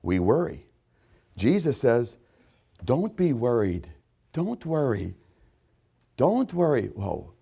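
A man delivers a sermon in a middle-pitched voice that moves all over its range. He hammers points home with loud repetition, then drops to low, hushed asides to the congregation. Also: very animated, takes it slowly, vocal fry, pauses often, husky. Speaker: pastor.

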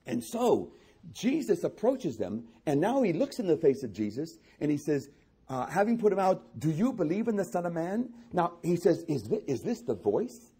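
Husky, animated preaching man. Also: high voice, normal speed. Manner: animated preaching with acted-out voices and rising emphatic repetition. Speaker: pastor. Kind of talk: sermon.

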